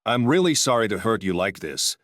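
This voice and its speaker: A man reading the lines of an apologetic wife who is leaving her husband, in his usual even narrating voice. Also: fairly low pitch, brisk, no room sound, clean studio sound. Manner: evenly read, little change from narrator.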